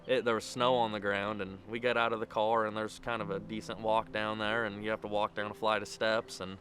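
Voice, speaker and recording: A groom tells his proposal story before moving into a wedding toast, speaking a little fast in a somewhat bright, low-leaning voice with little pitch movement. Soft music plays behind him as he rambles, linking everything with endless "and"s.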